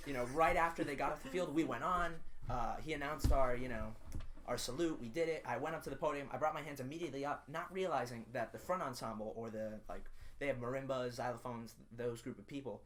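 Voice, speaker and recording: A man's voice: mid-range voice, fast talker, a bit bright, slight background noise. A teenage boy, a podcast co-host, telling a story in casual chat, with many fillers and laughs. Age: teens. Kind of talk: casual chat among friends.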